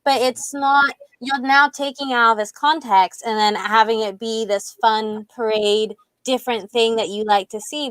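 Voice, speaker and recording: A woman's voice: mid-range voice, no room sound. A woman speaking as a panelist with a fashion design background on a video call, explaining steadily and articulately.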